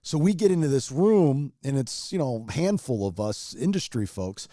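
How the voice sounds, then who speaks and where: A man's voice: mid-range voice, lively intonation, moderate pace, dark tone, no room sound, clean studio sound. A man who is a radio personality, a guest on a podcast, telling a heartfelt personal story in a rambling, emotional way with many restarts. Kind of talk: casual storytelling chat.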